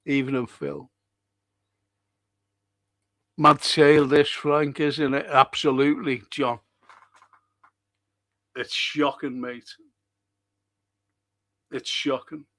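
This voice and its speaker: A man's voice: medium pitch, flat delivery, slow, long pauses, a bit bright, dry recording. An older man who hosts a casual livestream, chatting and greeting viewers as he reacts to their comments. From Liverpool, England. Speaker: livestream host and historian.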